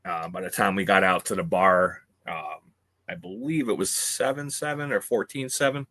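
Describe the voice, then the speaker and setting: A man co-hosting a sports podcast, talking casually with many pauses and fillers. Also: sits low, bright, forceful tone. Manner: hesitant, lots of uh and um. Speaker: podcast co-host.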